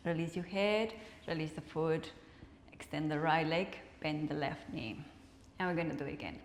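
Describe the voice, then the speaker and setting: A woman instructor calmly cueing a guided movement and breathing practice, counting reps and offering soft encouragement. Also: sits low, moderate pace, slight background noise. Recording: echoey room with long reverb.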